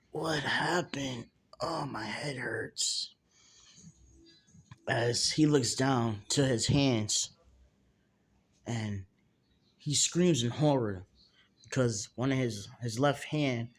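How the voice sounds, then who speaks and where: A man casually narrating an improvised fan story, stringing scenes together with a loose, repetitive way of talking. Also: medium pitch. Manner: casual, repeats "as he's like".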